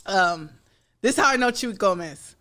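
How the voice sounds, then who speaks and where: A woman in her forties chats as a guest in a podcast studio. She tells stories in a loose, lively way, with plenty of fillers. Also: medium pitch, normal speed. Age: 40s. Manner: chatty, lively storytelling with frequent fillers and laughter. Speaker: guest artist. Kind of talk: casual interview chat.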